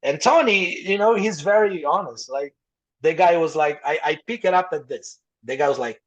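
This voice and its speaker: On a rough recording, a young Brazilian man whose first language is Portuguese tells casual stories as a podcast guest. His voice is on the high side at a moderate pace, and he freely swears and performs the voices of the people he quotes.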